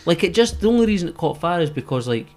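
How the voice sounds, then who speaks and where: A man's voice: on the high side, big pitch swings, fast, a little mellow. A man co-hosting a casual podcast chat, agreeable and rambling with lots of fillers. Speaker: podcast co-host.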